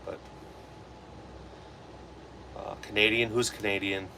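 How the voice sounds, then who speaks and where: A man's voice: on the low side, flat delivery, slow, gravelly, pushed and bright, a little hiss or hum, rough recording. A young man with a Wisconsin accent chatting casually on a livestream, rambling and answering viewers' comments while he works. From Wisconsin, USA. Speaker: livestream host. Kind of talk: casual livestream chat while reloading ammo.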